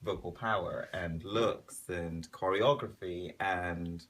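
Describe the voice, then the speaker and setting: A man's voice: low voice, fairly even intonation, slow, a bit bright. A man hosting a casual interview, playful and teasing as he coaxes his guest. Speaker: host, interviewer.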